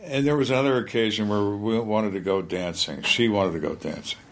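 An older man, a retired police lieutenant, telling his stories in conversation in a blunt, plainspoken way with halting restarts. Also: fairly low pitch. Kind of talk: storytelling in a conversation.

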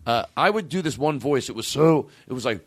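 A man hosts a loose, chatty show, his pitch swinging up and down as he rambles. He keeps stopping mid-thought and swears without a care. His voice is close and dry, with almost no room sound. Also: lively intonation, a little fast, slightly rough, no echo. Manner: rambling, self-interrupting, swears freely. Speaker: podcast host. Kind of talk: casual chat.

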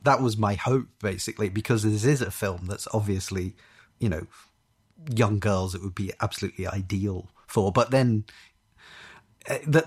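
Thoughtful British man, low voice. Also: breathy edge. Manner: thoughtful, with many fillers. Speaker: podcast panelist. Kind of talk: casual chat.

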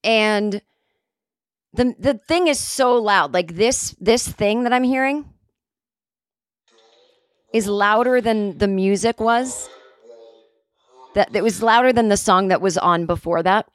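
A woman's voice: mid-range voice, slow pace, pauses often, no room sound. Rambling, self-mocking woman in her forties. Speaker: comedic storyteller. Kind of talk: casual anecdote telling.

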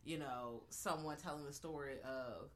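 A woman's voice: deep voice, moderate pace, slight background noise. A woman co-hosting a podcast, a teacher, talking bluntly and profanely in casual chat. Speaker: podcast co-host.

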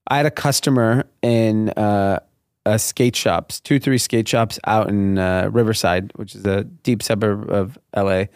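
A clothing brand founder in his thirties from Granada Hills in the Los Angeles area tells his business story in a casual interview, acting out the other people animatedly. His lowish voice is measured and clean, recorded in studio quality with no echo.

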